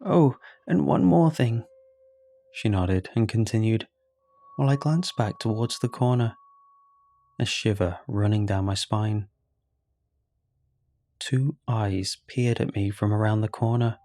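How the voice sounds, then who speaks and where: A man narrating a first-person horror story in a calm, measured way. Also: on the low side.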